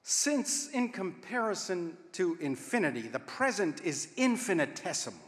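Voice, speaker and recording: A man, a rabbi, giving a reflective sermon in measured phrases with long pauses and the odd wry aside. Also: high-pitched, big pitch swings. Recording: echoey room with long reverb.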